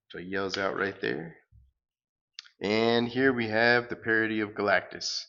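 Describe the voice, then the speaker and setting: A man's voice: on the low side, a little slow, gravelly, sharp tone, dull audio. A man hosting a comic reading, giving casual commentary with amused, chuckling asides. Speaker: comic book reader and channel host. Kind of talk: casual read-aloud commentary.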